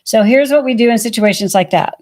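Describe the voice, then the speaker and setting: A woman co-hosting a podcast in relaxed casual chat, talking through a list of prompts. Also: on the high side, fairly quick. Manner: relaxed, talks through lists of prompts, uses fillers like "you know". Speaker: podcast co-host.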